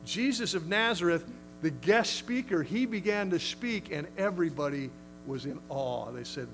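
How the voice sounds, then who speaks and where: Brief: male pastor, conversational and emphatic sermon delivery, somewhat high-pitched. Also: expressive, normal speed, background noise. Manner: emphatic, conversational, acts out quotes.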